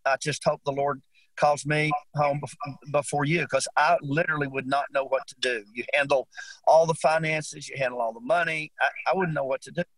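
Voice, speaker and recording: An older man voicing his gentle, devout older wife with soft affection. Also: a little high, steady tone, normal speed, dry recording, rough recording. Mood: tender.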